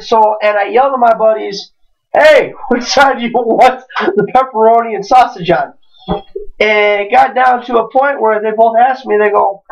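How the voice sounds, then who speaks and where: A man spins a rambling comic story in casual podcast chat, growing animated and cursing as he gets worked up. He sounds set back from the microphone, and the recording is dull and lo-fi. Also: sits high, unhurried, creaky. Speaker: podcast co-host. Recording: distant, dull lo-fi home recording.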